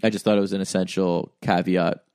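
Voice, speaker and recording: A young man with a fairly low voice hosts a comedy podcast, talking in a loose, rambling way full of "like" and "um". The recording is dry and close, with no room sound. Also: level tone, fairly quick, darkish tone, smooth, no room sound. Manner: rambling, filler-heavy musing. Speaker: podcast host. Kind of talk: casual comedic chat.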